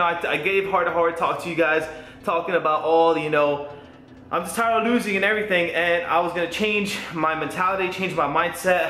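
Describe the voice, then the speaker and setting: A young man giving a casual, excitable vlog update, rambling and swearing freely as he talks about his team's matches and his internet upgrade. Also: sits high. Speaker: gaming YouTuber. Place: home room. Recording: echoey room.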